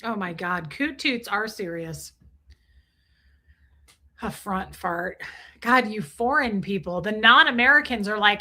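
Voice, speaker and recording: A woman's voice: medium pitch, unhurried. A woman in her forties hosting a live stream, chatting casually and crudely while reading viewer comments aloud. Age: 40s. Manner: crude, joking, animated, reads chat aloud. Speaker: livestream host reading chat.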